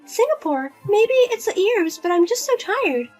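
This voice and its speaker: A woman's voice: very high-pitched, sing-song, a little slow, a little mellow, soft background music, heavily acted. A woman voicing a whiny, nagging older mother. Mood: self-pitying. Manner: nagging, whiny, guilt-tripping. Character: spendthrift widowed mother, pushy and self-pitying. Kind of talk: narrated drama story.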